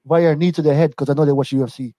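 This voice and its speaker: A young man co-hosting a casual podcast chat, rambling and relaxed, laughing often. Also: on the high side, very fast, dry recording, poor audio. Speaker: wrestling podcast co-host.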